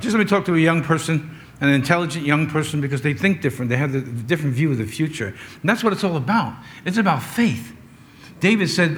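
A pastor delivering a conversational sermon, mixing scripture retelling with humorous asides to the congregation. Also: male voice, on the high side, expressive, a little fast, a bit bright, slight background noise.

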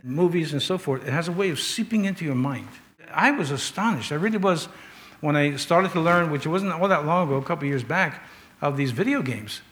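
A man's voice: on the high side, fairly bright tone. A man preaching a sermon in an earnest, conversational way, telling stories and asking rhetorical questions.

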